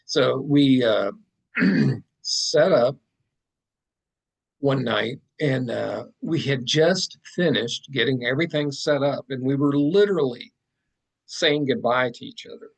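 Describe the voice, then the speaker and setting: A man with a gravelly, husky voice recounting a story as a podcast guest. His delivery is casual and animated, rambling with asides and fillers, and his pitch sits in an ordinary middle range. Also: takes it slowly, poor audio. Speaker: podcast guest, fine artist.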